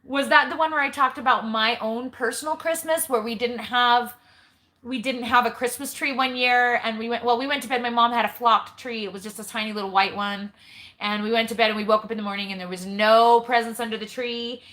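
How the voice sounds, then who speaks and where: A woman's voice: on the high side, steady tone, brisk, pushed and bright. A woman in her forties hosting a live question-and-answer stream with her kids. She talks casually and tells long family stories. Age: 40s. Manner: chatty storyteller, reads viewer comments aloud. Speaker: host, homeschooling mother. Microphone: live stream camera mic.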